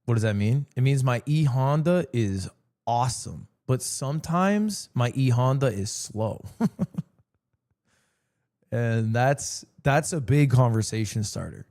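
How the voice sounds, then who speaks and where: A man's voice: medium pitch, measured pace. A man streaming live, chatting casually and telling jokey stories with lots of swearing. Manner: animated, joking storyteller with frequent swearing.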